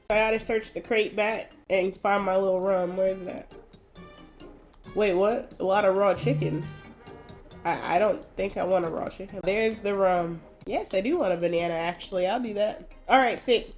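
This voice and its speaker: A woman's voice: medium pitch, a little mellow. A young adult woman giving casual, wry commentary as she plays a video game, thinking aloud as she goes. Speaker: gaming video host.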